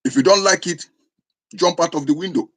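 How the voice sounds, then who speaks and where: A man from southeastern Nigeria, a traditional spiritual teacher with an Igbo accent, preaches to camera in an impassioned, scolding, insistent way. He talks fairly quickly in a slightly high, somewhat bright voice and often restarts what he's saying.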